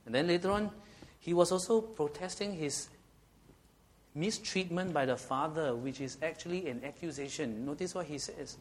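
Guy preaching a sermon, slightly high voice, keeps asking the crowd okay?. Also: normal speed. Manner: rhetorical questions with frequent "okay?" check-ins.

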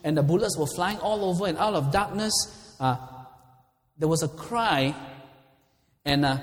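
A man preaching a sermon as pastor, impassioned, swinging from quiet to loud. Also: a little high, lively intonation, fast. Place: church hall. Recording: long reverb of a large hall.

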